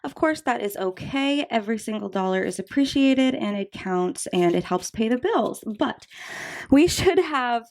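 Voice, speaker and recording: A woman's voice: a little high, animated, moderate pace, a little mellow. A woman in her twenties chatting casually to camera as a budgeting vlogger, bubbly and talkative, with many fillers and asides, a little out of breath. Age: 20s.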